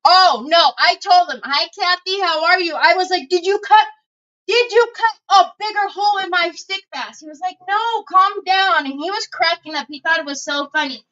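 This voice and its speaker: A woman's voice: extremely high pitch, moderate pace, sharp tone, muffled recording. A middle-aged woman, chatting casually with viewers while crafting on a livestream and telling stories. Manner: chatty storyteller, talks to viewers as y'all.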